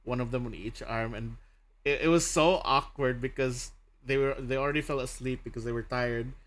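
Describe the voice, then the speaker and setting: Young man, bright voice, casual stream chat, laughs a lot, animated storytelling. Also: mid-range voice, normal speed. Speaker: streamer host. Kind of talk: casual chat while drawing.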